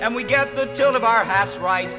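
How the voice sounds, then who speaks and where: A man's voice: very high voice, moderate pace, over music. A man playing an eager, boastful young errand boy in a musical cast recording. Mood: perky. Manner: perky, boastful. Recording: reverberant cast album over orchestra.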